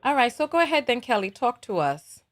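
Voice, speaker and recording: A woman's voice: a little high, very animated, brisk. A woman hosting a live call-in talk show, conversational and repeating phrases as she thinks aloud.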